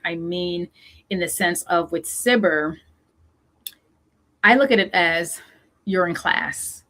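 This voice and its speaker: A woman with a Southern US accent hosts a casual solo show, coaching founders as a funding consultant. Her voice sits on the low side with a slight brightness, and she repeats her questions and leans heavily on fillers.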